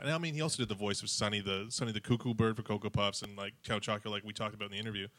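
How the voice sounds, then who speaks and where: A man hosting a podcast, chatting eagerly and excitedly with co-hosts and guests. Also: on the low side, very fast, hardly any pauses. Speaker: podcast host. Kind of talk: casual podcast chat.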